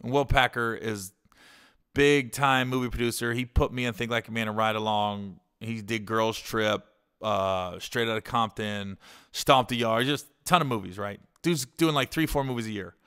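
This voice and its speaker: A man's voice: medium pitch, moderate pace, a bit bright, clean tone. A man hosting a podcast, telling rambling comic stories with swearing and frequent laughter. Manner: rambling comedic anecdotes, profane, laughs often. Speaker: podcast host. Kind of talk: casual storytelling.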